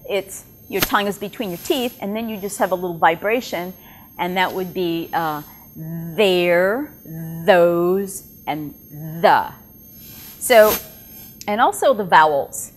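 A woman presenting at a teaching workshop, speaking deliberately and enunciating sounds carefully as she demonstrates. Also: mid-range voice, slight background noise. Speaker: ESL tutor trainer presenting at a workshop. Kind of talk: workshop presentation with live demo. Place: workshop room with whiteboard.

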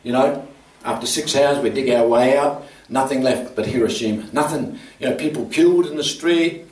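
Older preacher, roomy distant sound. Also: male voice, mid-range voice, normal speed. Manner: animated, laughing through a comic story. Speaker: pastor. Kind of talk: storytelling sermon. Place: church.

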